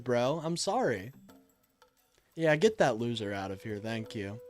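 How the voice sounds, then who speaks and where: A man's voice: medium pitch, sing-song, measured pace, pauses often, soft background music. A young man hosting a political live stream, reading chat and answering it in a heated, exasperated way. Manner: heated, exasperated, swings between loud and muttered.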